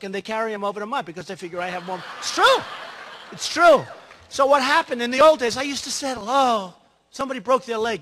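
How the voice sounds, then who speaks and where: A man's voice: high voice, sharp tone. A man giving a rambling, boastful campaign speech, full of asides to the crowd. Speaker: political candidate. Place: large hall. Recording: reverberant hall.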